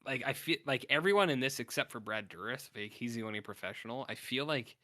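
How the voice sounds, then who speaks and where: A man on a casual podcast with a bright, sharp-edged voice and a medium pitch. He rambles through a film recap, strings "like" through his sentences and slips into little acted-out bits. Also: fast. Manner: rambling, heavy on "like", acts out scenes while recapping a film. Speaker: podcast co-host.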